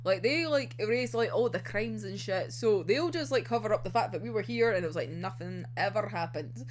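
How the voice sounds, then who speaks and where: A woman's voice: medium pitch, lively intonation, a little fast, a little hiss or hum. A young woman giving a casual episode recap as an anime reviewer, giggling often, swearing freely and acting out the characters' lines.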